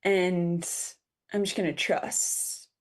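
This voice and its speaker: A woman in her twenties speaks as a podcast guest, sharing a personal story. She talks haltingly, with frequent fillers and restarts, and sounds close to tears. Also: lowish voice, steady tone. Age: 20s. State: near tears.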